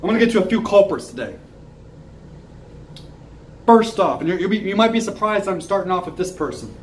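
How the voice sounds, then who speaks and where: A young man with a notably high-pitched voice delivers a heated fan rant. He swears freely and circles back to his points with mounting frustration. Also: sing-song, fairly quick, fairly bright tone, poor audio. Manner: angry, profane ranting. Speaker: sports fan commentator. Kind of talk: ranting fan commentary.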